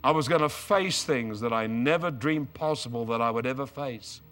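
An older man preaching a storytelling sermon, moving from quiet asides to loud, excited outbursts. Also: mid-range voice, normal speed, faint music behind.

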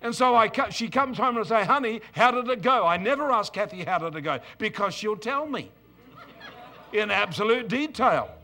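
A man's voice: sits high, normal speed, faint music behind. A middle-aged man preaching a sermon, mixing scripture reading with joking stories about married life. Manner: humorous, storytelling, animated asides.

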